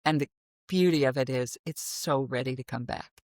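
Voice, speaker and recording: In a conversational interview, a deep-voiced Midwestern woman who teaches voice recounts her story at a moderate pace. She's animated and expressive, suddenly demonstrating with her voice, and the audio is studio quality with no echo.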